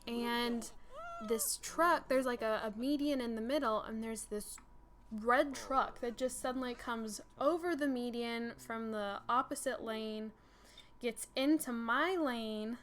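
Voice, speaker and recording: Young woman host, fairly high voice, animated storytime chat with a faint noise floor. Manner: animated, breathless retelling with many "like" fillers. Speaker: gaming channel host. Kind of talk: storytime chat over gameplay.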